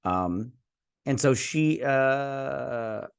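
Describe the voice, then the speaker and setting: A man's voice: medium pitch, lively intonation, drawn-out words, vocal fry, clear, resonant tone. A man from Michigan casually recapping and reviewing a TV episode as host, rambling through the plot with loose retellings and frequent restarts. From Michigan, USA.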